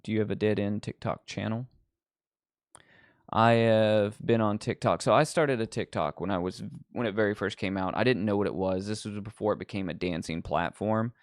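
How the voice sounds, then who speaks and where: A man's voice: lowish voice, normal speed, no echo, clean studio sound. A man hosting a livestream, rambling casually with lots of ums and likes. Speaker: livestream host.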